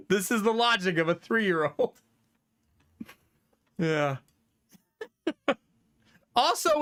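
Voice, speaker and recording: A man in his thirties chatting casually with viewers on a livestream, telling funny stories about his kids and laughing often. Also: extremely high pitch. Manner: animated storytelling with frequent laughter. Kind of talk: casual chat reading viewer comments.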